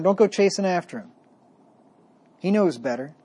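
Mellow-voiced man preaching a sermon. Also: high voice, expressive, slightly rough. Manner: reads scripture slowly and with emphasis, then explains plainly; conversational preaching. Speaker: pastor.

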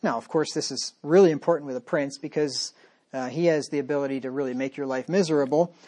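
A man's voice: fairly high pitch, steady tone, fast talker, warm tone. A man preaching a sermon as pastor, talking straight to his listeners with emphatic repetition and rhetorical questions.

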